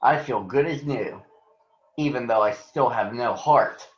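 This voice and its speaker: A man voicing a gentle, heartless male tin man from a storybook, in a soft, grateful way. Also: mid-range voice, unhurried, natural voice. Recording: roomy, dull sound.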